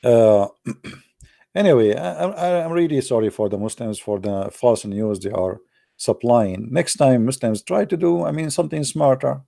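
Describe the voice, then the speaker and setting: A middle-aged man whose first language is not English hosts a casual commentary show in a small room at home. His voice is dark and gravelly, close to a desk mic in a dry space. He talks sarcastically and keeps circling back to "my friend.". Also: medium pitch, moderate pace, no room sound. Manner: sarcastic, repeats words, says "my friend". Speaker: online show host.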